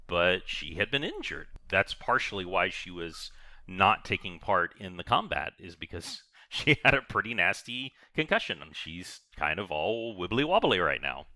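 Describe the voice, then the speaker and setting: A man narrating as game master of a tabletop game, animated and rambling with many fillers. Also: low voice, moderate pace, no echo.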